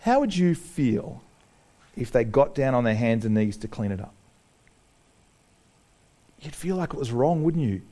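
A man preaching a sermon, animated, joking with the congregation and acting out the people he quotes. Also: mid-range voice, unhurried, long pauses. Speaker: pastor.

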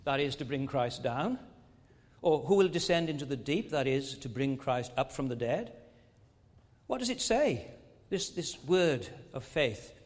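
A man's voice: mid-range voice, expressive, unhurried, long reverb tail. A man preaching a sermon with emphatic delivery, rising and falling and asking his listeners many rhetorical questions.

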